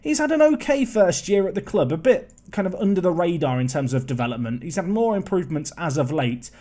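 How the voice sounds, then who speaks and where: Young man, fairly high voice, excitable, chatty game commentary. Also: brisk. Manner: chatty, excitable, rambling asides.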